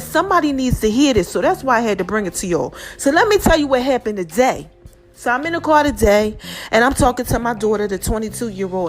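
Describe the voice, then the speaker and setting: A woman in her forties from New Jersey, hosting her own podcast and telling a story in an animated, emphatic, slangy way. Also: high voice. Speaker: podcast host. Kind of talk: casual storytelling monologue.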